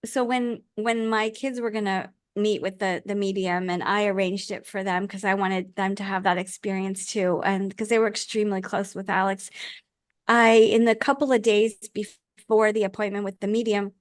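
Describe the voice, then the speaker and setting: A woman's voice: mid-range voice, steady tone, normal speed, no room sound. Earnest middle-aged woman, dry close sound. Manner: earnest, heartfelt, frequent restarts. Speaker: podcast guest, author and life coach. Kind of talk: casual interview conversation.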